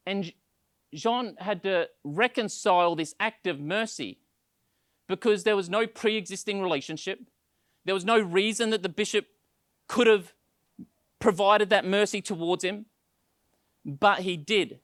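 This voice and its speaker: Male pastor giving a sermon, bit high voice, dry close sound, stumbles on first words. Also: a little slow, long pauses, fairly bright tone, dry recording. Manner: storytelling with acted quotes, repeats words when starting sentences.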